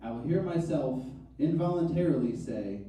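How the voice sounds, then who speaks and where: A man's voice: on the high side, animated, normal speed, dark tone, a little hiss or hum. A stand-up comedian in his thirties telling wry, self-mocking stories on a comedy club stage. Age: 30s. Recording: echoey club, mic from far off.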